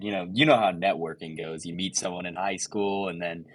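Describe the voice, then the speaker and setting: A man's voice: low-pitched, steady tone, a little fast, a bit bright. A young man playing a tabletop role-playing game, rambling and bluffing in character. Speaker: player.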